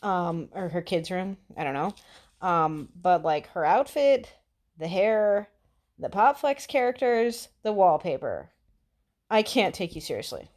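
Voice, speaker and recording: American woman ranting in a video commentary, lowish voice, blunt and sweary. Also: very animated, measured pace, a little mellow. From United States. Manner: blunt, profane and mocking. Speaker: commentary vlogger. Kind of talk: casual commentary.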